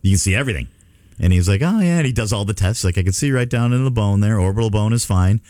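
A man's voice: lowish voice, quick pace, no room sound. A middle-aged man hosting a radio show, telling a story in casual chat. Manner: storytelling, animated retelling. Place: radio studio.

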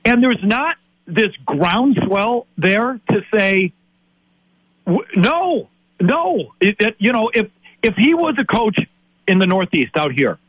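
Husky fifty-something man ranting. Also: sits high, fairly bright tone, dry recording, lo-fi sound. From Wisconsin. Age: 50s. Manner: exasperated ranting, lots of repeated words. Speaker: sports talk host. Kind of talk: heated sports talk.

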